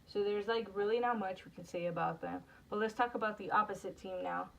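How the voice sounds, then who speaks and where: This wrestling podcast co-host has a medium-pitched, fairly bright voice with vocal fry, and she speaks briskly. Chatty and casual, she steers the conversation through its segments with frequent "like"s, recorded on a distant mic amid background noise.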